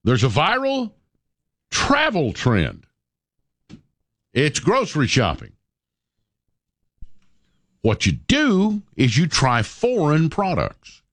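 Rambling, animated male radio host. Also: on the high side, slow pace, pauses often, no room sound, clean studio sound. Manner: rambling, stammering repeats. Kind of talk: morning radio banter. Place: radio studio. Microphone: studio microphone.

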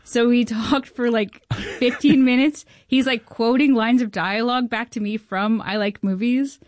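A woman's voice: on the high side, moderate pace, no echo. Giggly woman telling stories in a dry room. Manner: animated, giggly, quotes people. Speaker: film director. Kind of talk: interview storytelling.

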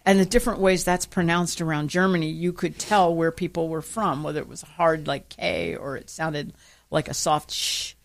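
A woman's voice: low voice, fairly even intonation, moderate pace. Chatty woman co-hosting talk radio. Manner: chatty, telling anecdotes and news items. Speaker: radio co-host. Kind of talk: casual talk radio banter.

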